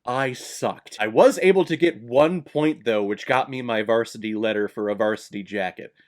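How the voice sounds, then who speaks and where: A man talking through a film review in a casual vlog style, sarcastic and blunt. He sounds exasperated, with a voice at an ordinary middle pitch. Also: moderate pace. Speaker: movie reviewer.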